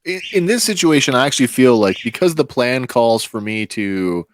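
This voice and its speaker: A man's voice: mid-range voice, lively intonation, normal speed, a little hiss or hum. A man playing a tabletop game, thinking aloud hesitantly with many fillers. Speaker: player. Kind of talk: casual tabletop play.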